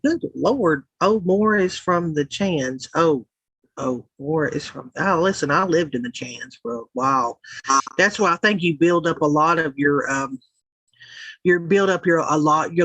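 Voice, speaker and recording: Her voice is deep, husky and a bit bright, with no room sound on what is a low-quality recording. This Southern woman hosts a livestream and reads out live comments in a loose, profane, rambling chat.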